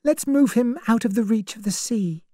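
A woman narrator voicing a frightened young woman who speaks quietly and tensely, in a story reading. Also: a little high, moderate pace, dry recording, studio quality, pitched above the performer's own voice, natural voice.

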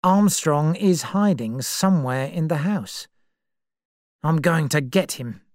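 Woman doing a calm steady man, lowish, slow, quiet, dry close sound, storybook reading. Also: dry recording. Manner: quiet, level.

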